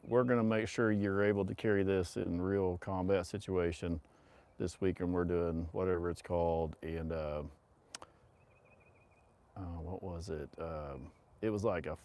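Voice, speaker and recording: A man's voice: deep voice, a little mellow, clean tone. Middle-aged male stream host; loose, rambling yarn-spinner who laughs through his stories and swears casually. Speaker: livestream host. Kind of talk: casual storytelling chat.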